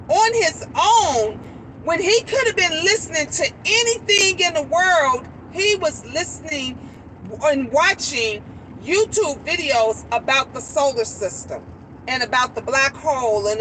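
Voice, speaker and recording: Bright, high-voiced chatty grandmother. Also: a little hiss or hum, rough recording. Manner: animated rambling storytelling, greeting viewers. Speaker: live stream host. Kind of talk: casual chat with viewers.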